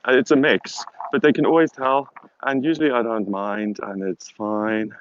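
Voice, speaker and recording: A man's voice: medium pitch, level tone, moderate pace. A man with a South African accent, chatting casually in a rambling, self-mocking way while live-streaming from a hilltop on a phone. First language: German. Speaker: vlogger. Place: outdoors on a hilltop. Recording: dull lo-fi phone audio with wind noise.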